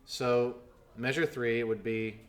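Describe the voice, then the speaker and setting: A man's voice: medium pitch, flat delivery, takes it slowly. A man teaching snare drum in a video lesson, explaining technique patiently and counting aloud as he demonstrates.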